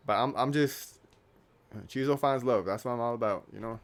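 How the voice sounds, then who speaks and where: A man's voice: mid-range voice, normal speed. A young man in his late teens vlogging casually, rambling and joking at his own expense. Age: young adult. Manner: rambling, self-deprecating, joking. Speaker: YouTuber.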